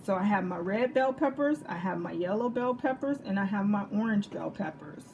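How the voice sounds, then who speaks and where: A woman's voice: medium pitch, expressive, brisk, a little mellow, a little hiss or hum. Chatty Texan woman cooking at home. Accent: Texas. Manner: chatty, jokey, checks in with "okay?" and "right?". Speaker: home cook. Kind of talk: casual cooking demonstration. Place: home kitchen.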